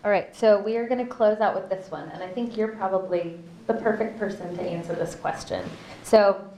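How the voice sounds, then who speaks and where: A woman moderating a panel, asking her questions in a measured, deliberate way. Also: medium pitch, warm tone, slight background noise. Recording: echoey room, distant mic, faint ambience.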